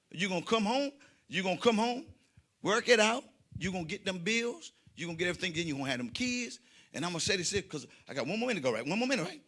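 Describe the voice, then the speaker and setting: A man with a high-sitting voice performs stand-up comedy in a loud, preacher-like style, swinging dramatically between shouting and quiet asides.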